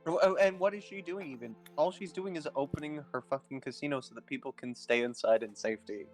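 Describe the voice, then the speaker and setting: A man's voice: on the high side, fast talker, soft background music. A man playing in a tabletop game, chatting bluntly and swearing. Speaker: player. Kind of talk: casual chat.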